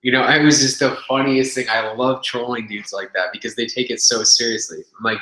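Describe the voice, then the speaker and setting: A man's voice: medium pitch, fairly even intonation, fairly quick, hardly any pauses, bright, forceful tone. A young man telling a gym story on a casual webcast, rambling, swearing freely, full of fillers and restarts, recorded on a webcam in a room. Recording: echoey room webcam audio.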